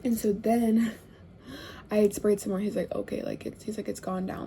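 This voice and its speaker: A young woman telling a casual storytime, chatty and full of fillers, often dropping to hushed tones. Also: mid-range voice, level tone, a little fast, slight background noise.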